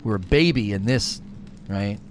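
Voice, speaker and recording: Gaming host, man; lively, self-mocking let's-play commentary over noticeable background hiss. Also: on the low side, measured pace. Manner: joking and self-mocking, playful asides to viewers.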